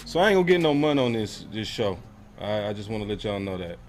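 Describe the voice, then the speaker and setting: Host guy talking to chat on his stream, lowish voice, music faint in the back. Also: big pitch swings, quick pace. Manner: casual, addresses viewers directly. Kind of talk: live show chat.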